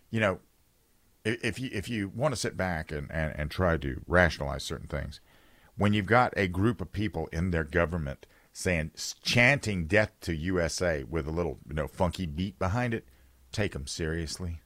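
Opinionated male talk radio host, lively pitch. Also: moderate pace, no echo. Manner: opinionated, conversational, reads listener texts aloud. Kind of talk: political talk radio monologue.

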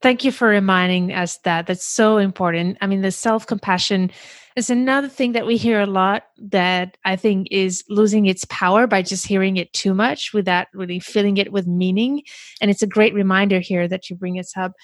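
A woman's voice: medium pitch, steady tone, moderate pace, dry recording. A woman hosting an interview, asking thoughtful questions and affirming her guest. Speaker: host.

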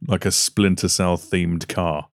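A man's voice: low voice, level tone, unhurried, no room sound, clean studio sound. A man co-hosting a casual podcast over an online voice call. He jokes and laughs often. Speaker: podcast co-host.

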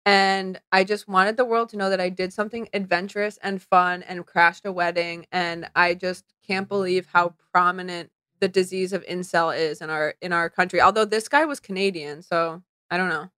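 A young woman co-hosting a casual chat podcast, telling an animated story full of "like" and quoted dialogue. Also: fairly low pitch, clear, resonant tone, no echo, studio quality. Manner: animated, fast storytelling with lots of "like". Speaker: podcast co-host.

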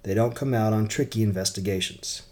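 Man voicing a grumbly young reporter, low and clipped. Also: a little fast, darkish tone, close to an everyday voice. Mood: curt. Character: young male reporter, annoyed and curt.

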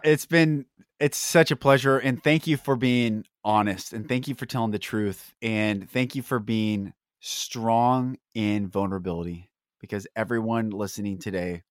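A man's voice: on the low side, no echo, clean studio sound. Earnest man hosting a motivational podcast. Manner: earnest, encouraging, speaks in repeated affirmations. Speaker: podcast host. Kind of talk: heartfelt motivational conversation.

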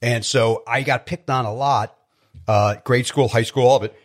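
A man, telling stories as a podcast guest in an animated, joking way. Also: medium pitch. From South Side of Chicago. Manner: animated storyteller, quick jokey asides. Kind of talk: casual chat.

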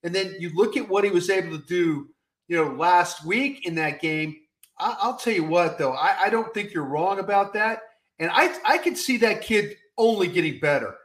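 High-voiced man in an echoey room. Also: normal speed. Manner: animated, folksy, repeats "I tell you what". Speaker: podcast co-host. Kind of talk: casual sports talk.

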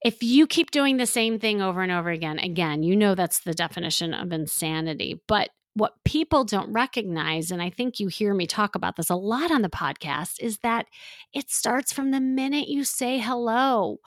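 A woman talks straight to her listeners as a dating coach on her own podcast. She speaks in a loose, chatty way, full of "you know" and "like". Her voice sits at an ordinary pitch and sounds dry and close, with no room echo. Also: lively intonation, normal speed. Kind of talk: advice podcast monologue.

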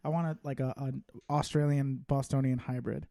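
A man's voice: mid-range voice, little pitch movement, normal speed, gravelly, mellow, no echo, studio quality. A man hosting a podcast, trading crude jokes in casual chat. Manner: joking, crude banter. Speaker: podcast host.

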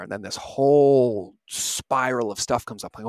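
A man's voice: medium pitch, a little slow, darkish tone, no room sound. A man in his thirties, a podcast host, giving an earnest, reflective motivational talk and often asking "right?".

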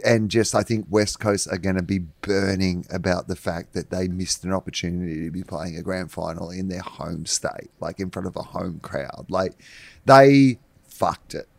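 A young Australian man co-hosting a casual sports podcast in a fairly low voice. He teases his co-host and speaks bluntly, leaning on "like". The recording is close and dry. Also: normal speed, creaky, no echo. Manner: teasing, blunt, leans on "like".

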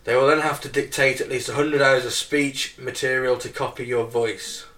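Man, 40s, podcast co-host, dry, reads news, mid pitch. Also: fairly even intonation, moderate pace, fairly bright tone. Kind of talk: casual chat, reading news items.

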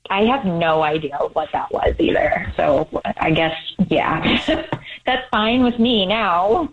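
A woman's voice: medium pitch, lively intonation, slow pace, a little hiss or hum. A woman calling in to a radio show by phone, exasperated and pleading. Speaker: caller. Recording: tinny phone line.

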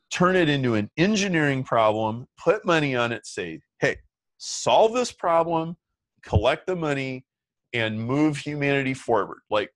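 A man's voice: medium pitch, dry recording. Middle-aged guy chatting as a guest, says "like" a lot, mid voice, dry close sound. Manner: chatty, lots of "like" fillers. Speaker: interview guest. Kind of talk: casual storytelling.

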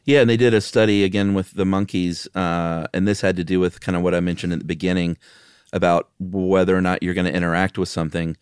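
A man co-hosting a podcast, chatting casually in a relaxed, jokey way. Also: low-pitched, fast, clean tone, no echo, studio quality. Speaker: podcast co-host. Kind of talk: casual chat.

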